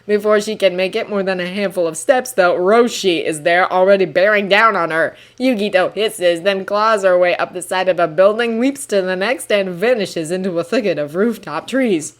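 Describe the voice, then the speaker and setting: A woman narrating a fan-written story as an expressive audiobook reading. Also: medium pitch, normal speed, few pauses. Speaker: fanfiction reader.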